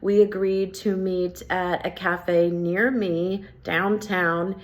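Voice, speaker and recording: Lively New woman telling a story. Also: lowish voice, slow. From New Jersey. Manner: animated, acts out both sides of conversations. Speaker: vlogger. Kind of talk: casual storytelling vlog.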